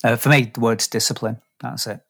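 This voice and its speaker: A man's voice: medium pitch, little pitch movement, brisk, vocal fry, fairly bright tone. A man co-hosting a casual podcast chat, easygoing as he steers the conversation. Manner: easygoing, leads the wrap-up. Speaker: podcast co-host.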